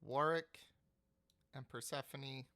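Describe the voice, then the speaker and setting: Slow, halting man game master. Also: medium pitch, pushed and bright. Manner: slow, halting, repeats words. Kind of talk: narrating a tabletop game.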